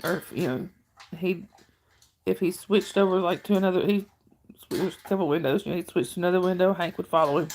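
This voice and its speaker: Gravelly-voiced middle-aged woman chatting. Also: fairly low pitch, steady tone, a little fast, darkish tone, slight background noise. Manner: chatty, reads viewer comments aloud and coos at her dog. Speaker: livestream host chatting with viewers. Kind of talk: casual livestream chat.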